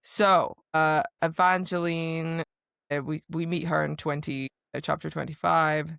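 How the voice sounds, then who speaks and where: A woman co-hosting a podcast, chatting casually about a book and acting out the characters' lines in quick asides. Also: low voice, fairly even intonation, vocal fry, fairly bright tone, smooth, dry recording, studio quality. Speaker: podcast co-host.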